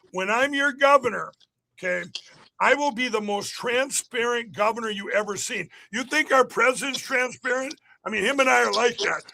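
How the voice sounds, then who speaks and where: A political candidate giving an emphatic, repetitive rally-style interview on a podcast. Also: male voice, extremely high pitch, gravelly, pushed and bright.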